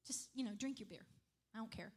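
A woman's voice: on the high side, fairly quick, a little mellow, husky. A woman preaching a sermon in a conversational way, often checking in with the congregation. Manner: conversational, repeats "right?" and "okay?" to the congregation.

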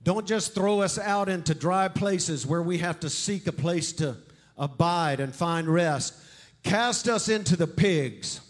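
A man's voice: high-pitched, measured pace. A male preacher voicing demons who plead and bargain insistently. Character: pleading demons possessing a man.

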